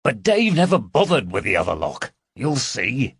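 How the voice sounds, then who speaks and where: Guy voicing an impatient sweary burglar, snappy, gravelly, dry close sound. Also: mid-range voice, wildly swooping pitch, normal speed, fairly bright tone, no echo, pitched above the performer's own voice, heavily acted. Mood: snapping.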